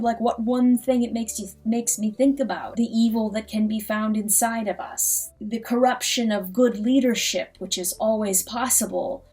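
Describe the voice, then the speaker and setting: A woman's voice: medium pitch, breathy edge. A young adult woman who hosts a reading channel, talking in a casual ad-libbed way with plenty of enthusiasm. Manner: enthusiastic, animated. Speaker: audiobook reader and channel host.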